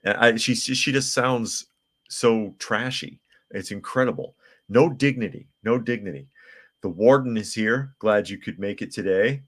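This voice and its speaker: Low-voiced guy running a live news show, reads comments, snarky asides. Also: unhurried, fairly bright tone. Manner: reads news aloud, adds mocking asides. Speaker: podcast host.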